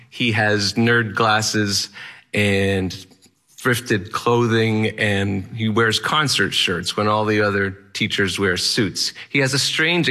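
Man telling a story, bright and forceful. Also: fairly low pitch. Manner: vivid, dramatic delivery. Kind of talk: personal story told to an audience.

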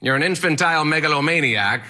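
A man's voice: fairly high pitch, fast, sharp tone, voice pushed up. Man putting on an eccentric old teacher. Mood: amused. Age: older. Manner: strange eccentric way of speaking, blunt, barking. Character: eccentric old male Latin teacher, gruff but fond.

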